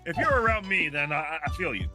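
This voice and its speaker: A man's voice: fairly high pitch, wildly swooping pitch, fast, over loud music. A man from Canada co-hosting a gaming podcast in casual chat, tossing in wry one-liners. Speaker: podcast co-host.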